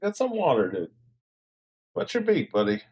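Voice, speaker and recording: A man's voice: a little high, huge pitch swings, normal speed, a little mellow, breathy edge. A man hosting a casual livestream, joking with his chat and talking to his pet parrot, laughing often and swearing casually. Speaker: livestream host.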